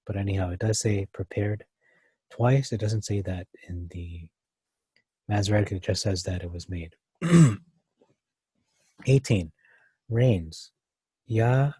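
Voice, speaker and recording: A man's voice: fairly low pitch, slow, pauses often, warm tone, slightly rough, no room sound. A man teaching a verse-by-verse Bible study, thinking aloud with many fillers and restarts.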